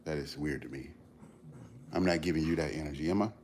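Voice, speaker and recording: A man's voice: rumbling low, steady tone, fast, a little mellow, slight background noise. A man hosting a livestream, giving an earnest motivational talk to his viewers, repeating his points for emphasis in casual slang. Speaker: livestream host.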